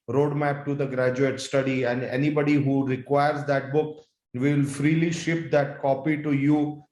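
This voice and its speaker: A man's voice: medium pitch, a little mellow, roomy sound, poor audio. A man hosting a webinar over a video call who introduces the speaker in a hesitant way, with many restarts. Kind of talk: casual introduction.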